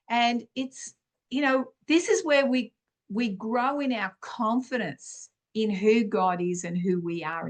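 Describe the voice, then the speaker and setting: A middle-aged woman gives informal spiritual teaching as a podcast host, speaking in an unhurried, conversational way and clearing her throat often. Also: a little high.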